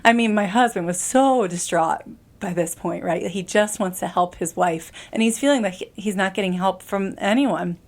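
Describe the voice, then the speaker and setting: A woman's voice: medium pitch, normal speed. Woman guest on a podcast, medium voice, earnest, keeps restarting sentences. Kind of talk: personal storytelling in conversation.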